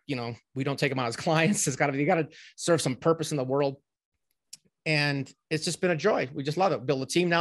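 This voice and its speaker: A middle-aged man talking as a guest on a remote interview, telling long stories in a rambling, animated way with many fillers and restarts. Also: a little high. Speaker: podcast guest, ghostwriting company owner. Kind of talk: casual interview storytelling.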